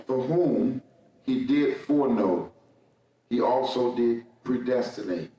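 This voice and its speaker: A man reading scripture aloud slowly and evenly during a church service. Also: medium pitch, expressive, mellow. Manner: slow, measured reading. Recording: echoey sanctuary from far off.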